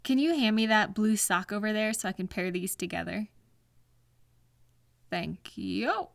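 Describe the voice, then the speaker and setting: A woman gently asking a partner what is wrong, in a soft and patient whispered role-play. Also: medium pitch, expressive, measured pace, vocal fry, dry recording. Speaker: ASMR girlfriend role-play performer.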